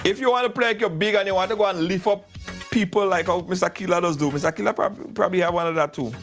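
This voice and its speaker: A middle-aged man hosting a live show, pitching products and telling stories in an excitable, repetitive way. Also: fast talker. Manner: storytelling, excitable, repeats himself. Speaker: live show host doing product ads. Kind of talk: animated live-stream ad chat. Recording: faint music behind.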